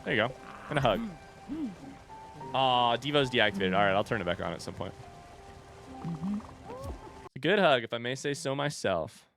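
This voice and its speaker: A man streaming a game live in a relaxed, rambling way, greeting chat and swearing casually. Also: mid-range voice, fairly quick, creaky, pauses often. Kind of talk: casual gaming livestream chat. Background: game music.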